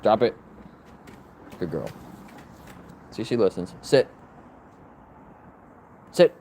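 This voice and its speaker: A man's voice: on the low side, sing-song, extremely slow, mellow, slight background noise. A man vlogging casually outdoors in his yard, rambling about his dogs and calling out commands to them in a raised sing-song voice. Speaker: vlogger and dog owner. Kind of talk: casual chat to camera.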